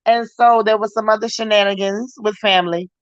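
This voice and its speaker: A woman's voice: mid-range voice, fairly even intonation, a little fast, highs cut off. A middle-aged woman hosting a casual livestream, greeting viewers one by one in a chatty, slangy way, her throat still recovering. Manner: warm, chatty, Southern-style slang, calls viewers y'all. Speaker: livestream host. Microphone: live stream mic with sound trouble.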